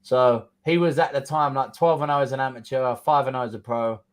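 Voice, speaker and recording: A man's voice: medium pitch, steady tone, brisk. Blunt London man telling a story. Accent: London English. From England. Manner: blunt, swears freely, acts out quotes. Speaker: guest fighter. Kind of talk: casual storytelling interview.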